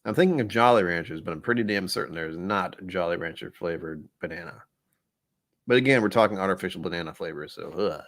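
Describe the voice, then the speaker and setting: Male streamer, low-pitched, loose and rambling, chats to chat between sips. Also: fast, a bit bright. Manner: rambling, offhand, thinks aloud. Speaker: livestream host. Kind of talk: casual whiskey-tasting livestream chat.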